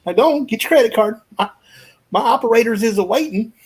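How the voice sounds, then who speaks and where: A man voicing a folksy male infomercial pitchman in a hard-sell comedy bit. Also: lively intonation, fairly quick, a little mellow, breathy edge, exaggerated voice.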